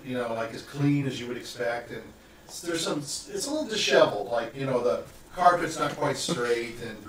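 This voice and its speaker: A man narrating as game master in a tabletop game, rambling and halting with many fillers. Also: mid-range voice, lively intonation, fairly bright tone. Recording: echoey room, mic far off, faint hiss.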